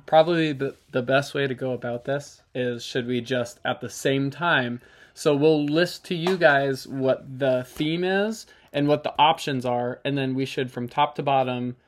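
A man's voice: medium pitch, unhurried. A man co-hosting a casual couple's podcast, laid-back and teasing, laughing often. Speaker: podcast co-host.

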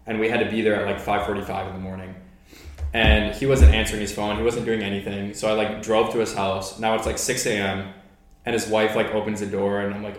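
A man's voice: on the low side, fast. A young man and podcast host telling army stories in a casual, swearing way, full of "like" fillers. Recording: very echoey room.

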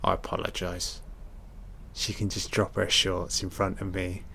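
A man's voice: low voice, level tone, takes it slowly, creaky, sharp tone, a little hiss or hum. A man giving a casual watch-along film commentary, blunt and sarcastic, swearing constantly and dryly critiquing what he sees. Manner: dry running critique.

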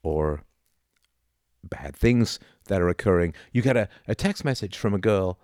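A man with a low, deep voice explains philosophy off the cuff, stumbling and restarting phrases and tossing in "right?" to check in with the listener. The sound is dry and close, with no room echo. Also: a little slow. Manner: restarts and repeats words, lively asides; leans on rhetorical "right?" checks. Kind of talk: unscripted explanatory talk.

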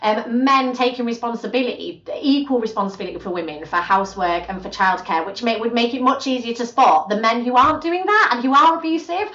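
A woman, a guest on a podcast, talking in a lively conversational way and acting out quoted voices. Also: on the high side, brisk, few pauses. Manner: animated, acts out quoted voices. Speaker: podcast guest, gender justice specialist. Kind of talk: conversational interview. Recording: roomy, distant, dull podcast audio.

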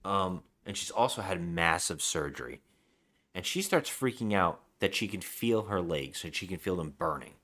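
A man co-hosting a movie podcast in casual chat, retelling the plot in an animated way. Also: deep voice, normal speed. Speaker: podcast co-host.

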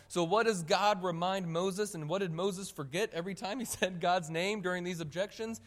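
A man preaching a sermon, animated and emphatic, talking straight to his congregation. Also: high-pitched, moderate pace, hardly any pauses. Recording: long reverb of a hall.

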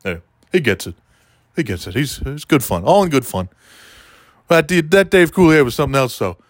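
A man doing a rambling, deadpan comedy monologue, talking to a listener by name as he goes. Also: mid-range voice, normal speed, no echo, clean studio sound. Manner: meandering, deadpan, keeps addressing a listener by name.

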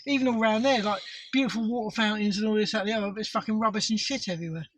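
A man's voice: sits high, steady tone, very fast, fairly bright tone, a little hiss or hum, low-quality recording. A man in a casual podcast chat, blunt and sweary in his banter. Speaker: podcast co-host.

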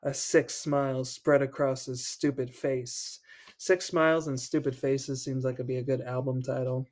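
A man's voice: mid-range voice, level tone, normal speed, darkish tone. A man hosting a podcast, reading a children's horror book aloud and breaking off for joking asides, laughing between passages. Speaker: podcast host.

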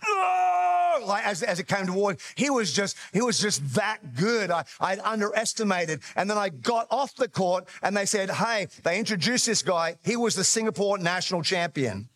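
A middle-aged male pastor preaching with a fairly high voice, his delivery lively and full of stories. He laughs at himself and keeps restarting his sentences as he goes. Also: normal speed, hardly any pauses. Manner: animated storytelling, self-deprecating humor, frequent restarts. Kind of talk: sermon.

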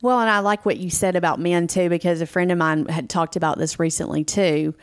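Female co-host, low and gravelly, dry close sound, earnest and encouraging. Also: fairly even intonation, brisk, no room sound. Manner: earnest, encouraging, repeats phrases for emphasis. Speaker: podcast co-host. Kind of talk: casual chat.

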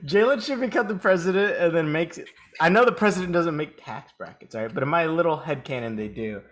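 A man's voice: a little high, lively intonation, brisk, a bit bright. A young man co-hosting a podcast, teasing his co-host and laughing often in casual chat.

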